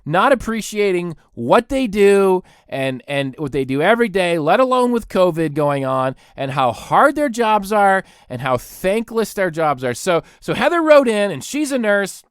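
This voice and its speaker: A man's voice: high-pitched, moderate pace, hardly any pauses, smooth, no echo, studio quality. A man in his thirties hosting a podcast, ranting comically and laughing mid-sentence. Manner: animated, laughs mid-sentence, mocks others in put-on voices. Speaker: podcast host. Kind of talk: comedic solo rant.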